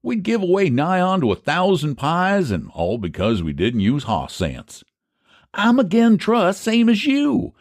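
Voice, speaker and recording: A man's voice: sits high, wildly swooping pitch, measured pace, no echo, clean studio sound, pitched above the performer's own voice, heavily acted. A man voicing a sly, scheming older rural pie seller with a rural American dialect and a folksy drawl. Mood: persuasive. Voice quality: folksy drawl, old-fashioned country grammar.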